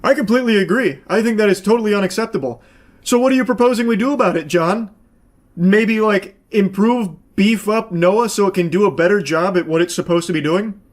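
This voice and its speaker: A man commentating casually on a clip he pauses, with sarcastic, profane, exasperated rants. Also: sits high.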